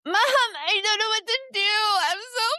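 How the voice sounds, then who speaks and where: A woman's voice: very high voice, lively intonation, normal speed, no room sound, clean studio sound, voice pushed up, exaggerated voice. A woman voicing an overwhelmed young child who is crying and screaming, with a wailing, tearful voice. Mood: distraught. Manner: sobbing and yelling in distress.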